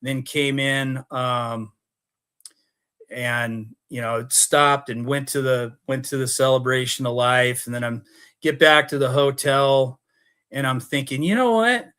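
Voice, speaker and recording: Man, from Oregon, casual storytelling, rambling, mid-pitched voice. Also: little pitch movement, slow pace, pushed and bright, clear, resonant tone. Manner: rambling, acts out quoted dialogue. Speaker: podcast guest.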